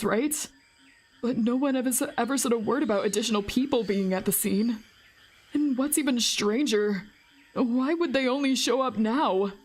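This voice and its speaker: A woman's voice: fairly high pitch, a little hiss or hum, voice pushed down, natural voice. A woman voicing the anxious young male lead of a visual novel, reading his worried inner thoughts aloud. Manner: worried inner monologue, overthinking.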